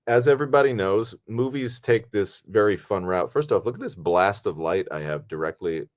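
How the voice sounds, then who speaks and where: A man co-hosting a podcast from home on a video call, telling a relaxed, rambling story with many fillers. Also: on the low side, moderate pace. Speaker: podcast co-host and actor. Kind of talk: casual podcast chat. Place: home, at a computer.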